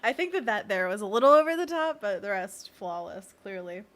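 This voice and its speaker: A woman's voice: medium pitch, big pitch swings, a little fast, a bit bright. A young adult woman, a children's book illustrator, chatting casually and laughing often on her live stream.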